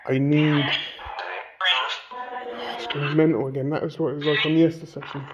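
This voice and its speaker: A man investigating a haunted abbey, talking in a hushed, on-edge way as he calls out to spirits. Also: on the high side, flat delivery, normal speed, over loud music. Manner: hushed and tense, calling out to spirits. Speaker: paranormal investigator. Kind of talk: ghost-hunting vlog narration. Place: old abbey room at night. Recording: muffled with loud background noise.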